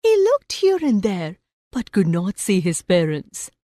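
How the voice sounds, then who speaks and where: A woman's voice: mid-range voice, dry recording, studio quality. A woman teacher narrating a story for a class and then asking her students questions about it. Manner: slow, expressive storytelling.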